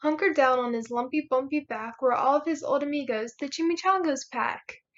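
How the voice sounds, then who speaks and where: A teenage girl in her late teens reading a children's picture book aloud with a lively, rhythmic delivery. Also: sits high, moderate pace. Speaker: volunteer reader. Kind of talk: children's storybook read-aloud. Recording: muffled lo-fi recording.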